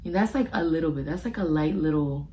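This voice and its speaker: A woman's voice: sits low, expressive, fast talker, warm tone, a little hiss or hum, rough recording. A young woman in her twenties telling a story in slangy casual chat while doing her makeup, recorded close on a phone indoors. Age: 20s. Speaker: beauty vlogger. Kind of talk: casual get-ready-with-me chat. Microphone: phone camera close up.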